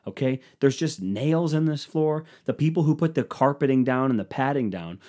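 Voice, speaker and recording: A man telling a crude, animated comic story about laying a floor, acting out his friends' lines in low mumbles. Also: moderate pace. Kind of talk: profane comedic storytelling.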